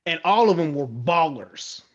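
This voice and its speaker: A somewhat high-voiced male podcast host talks in an easygoing, chatty way. The sound is a little dull and lo-fi, and his speech flows freely. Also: animated, unhurried. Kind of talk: casual interview.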